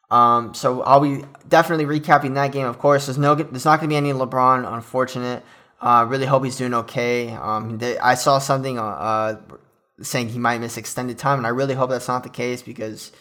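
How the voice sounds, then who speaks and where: A man's voice: mid-range voice, a bit bright. A young man hosting a casual solo sports podcast, chatting loosely with lots of fillers and an enthusiastic fan's energy. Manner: chatty, filler-heavy, enthusiastic fan talk. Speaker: podcast host.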